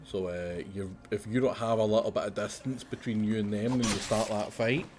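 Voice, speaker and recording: Low-pitched male streamer, chatty and exasperated, game music faintly under the voice. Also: steady tone, fairly quick. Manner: chatty, exasperated, explains tactics at length. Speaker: streamer playing a survival game. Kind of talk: casual gameplay commentary.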